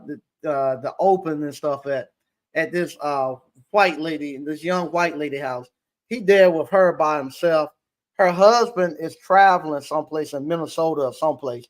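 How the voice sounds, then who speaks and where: Guy rambling thru a work story in an interview, slightly high voice, lots of stops and restarts. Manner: rambling, halting, full of restarts. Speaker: appliance repair business owner.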